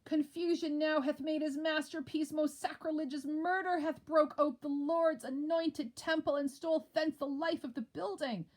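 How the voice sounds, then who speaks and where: Woman shouting as a horrified nobleman. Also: high voice, steady tone, normal speed, few pauses, voice pushed up, close to an everyday voice. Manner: crying out, loud and urgent. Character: horrified nobleman raising the alarm.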